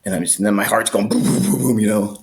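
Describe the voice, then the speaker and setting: A man, a podcast guest, telling a story in a casual, animated way, swearing freely and acting out the people in it. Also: on the low side, fast talker. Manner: animated, profane, acts out voices.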